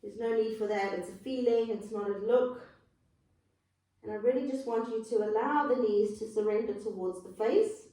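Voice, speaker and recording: A woman with a South African accent leads a yoga class, calling out poses and offering gentle options in a calm, encouraging tone. Her voice sits a little high. She is recorded from a distance in a strongly reverberant room. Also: moderate pace. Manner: calm, encouraging cues with soft asides. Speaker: yoga instructor. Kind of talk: guided yoga class instruction.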